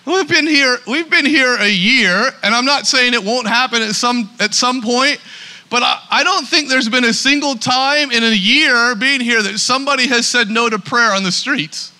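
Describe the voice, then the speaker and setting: High, bright-voiced male pastor preaching. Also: normal speed. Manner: emphatic, repeats words when starting sentences. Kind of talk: sermon.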